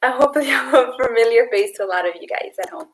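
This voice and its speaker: A young woman coach leading girls through an online exercise game, counting reps out loud in an upbeat way. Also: on the high side, fast talker, echoey room, poor audio. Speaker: youth sports coach.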